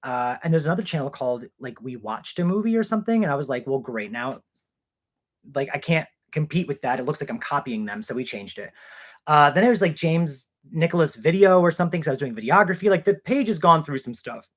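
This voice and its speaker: A man's voice: a little high, expressive, brisk, fairly bright tone. Male host in his thirties, talkative, rambling, self-mocking, live Q&A stream. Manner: chatty, rambling, self-deprecating. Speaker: channel host.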